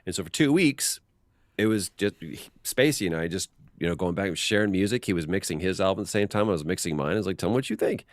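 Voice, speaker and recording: A man as an interview guest, telling animated behind-the-scenes stories and acting out quotes with frequent restarts. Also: sits low, fast, no echo, studio quality. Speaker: voice actor guest. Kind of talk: casual interview storytelling.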